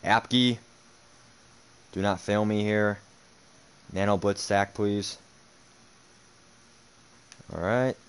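A man's voice: fairly low pitch, steady tone, extremely slow, long pauses, clear, resonant tone. A young man commentating his own football video game match, muttering, sarcastic and swearing in frustration. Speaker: gaming streamer.

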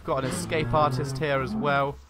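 A man hosting a casual let's-play, talking in a chatty, rambling way on a boom-arm desk mic at home. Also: little pitch movement, normal speed. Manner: chatty and rambling, with many "like" fillers. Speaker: gaming channel host.

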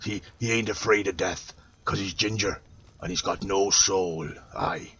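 A man's voice: low voice, fairly even intonation, measured pace, fairly bright tone, lo-fi sound, slight background noise. A man voicing a boastful, jolly male pirate captain, hamming it up with growled ayes. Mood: jovial.

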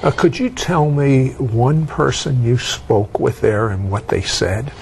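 A man's voice: medium pitch, expressive, slow pace, vocal fry, a little mellow, slight background noise. A man hosting an interview, probing his guest with leading questions. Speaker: host.

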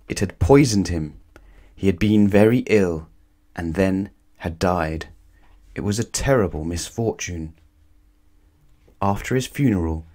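A man reads a children's bedtime story aloud in a calm, measured way. His voice sits a little low, and his delivery is gentle and unhurried.

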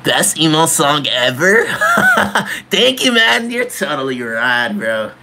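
A man's voice: fairly high pitch, huge pitch swings, slow pace, noisy background. A young man livestreaming in a joking emo persona, full of mock-teen slang and frequent laughter.

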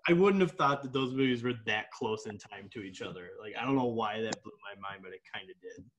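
A man's voice: fairly low pitch, quick pace, background noise. A young man co-hosting a casual podcast chat, talking loosely with lots of fillers and frequent laughs. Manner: laughs often, chatty with many fillers. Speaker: podcast co-host.

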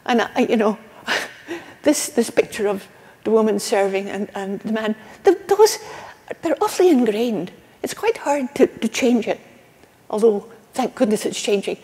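Older Scottish woman, keynote speaker, fairly high voice, earnest, long hall reverb. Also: sing-song, a little slow. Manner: warm, earnest, with restarts and asides. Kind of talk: conference keynote lecture. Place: conference hall.

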